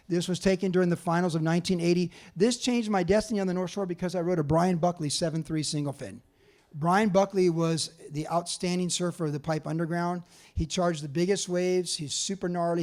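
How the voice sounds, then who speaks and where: A man in his sixties from California, telling lively stories at a museum talk and acting out other people's lines. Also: high voice. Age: 60s. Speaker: author giving a talk. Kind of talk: storytelling presentation. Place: museum talk before an audience.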